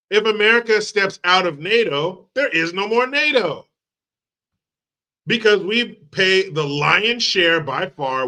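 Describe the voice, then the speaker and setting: A crude, sarcastic man hosting a commentary channel and ranting about politics with plenty of swearing and mockery. His voice is a little high and bright. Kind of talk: profane political rant.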